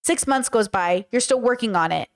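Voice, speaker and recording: A woman's voice: fairly high pitch, animated, normal speed. A woman hosting a podcast, talking frankly and casually with her chat, swearing now and then. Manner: chatty, frank, swears, acts out quoted speech. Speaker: podcast host. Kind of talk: casual commentary reacting to chat.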